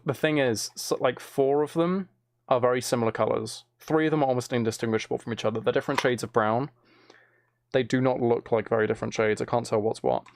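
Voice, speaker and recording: A man's voice: mid-range voice, a little hiss or hum. A man chatting casually on a live stream, reading out viewers' messages and hesitating often.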